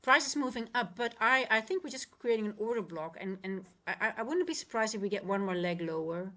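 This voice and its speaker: A woman hosting a casual trading livestream from home, talking in a chatty, halting way with many restarts. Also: mid-range voice, expressive, pushed and bright. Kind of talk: casual live-stream chat.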